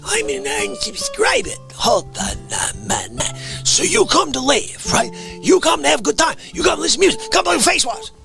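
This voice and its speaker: Male live-stream host, bright gravelly voice, huge pitch swings, excitable comic ranter. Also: brisk, soft background music. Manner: animated, excitable, swings between shouting and hushed asides. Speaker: livestream host. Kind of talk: comedic live-stream rant.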